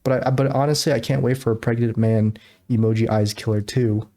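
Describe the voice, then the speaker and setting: A man's voice: mid-range voice, fairly even intonation, a little fast, mellow. A man co-hosting a podcast in casual, joking chat, acting out movie scenes in little voices. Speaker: podcast co-host.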